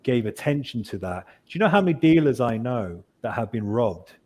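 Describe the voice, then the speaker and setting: Male panelist, mid pitch, earnest, persuasive. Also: lively intonation, moderate pace, warm tone. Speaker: panel guest. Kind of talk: casual chat.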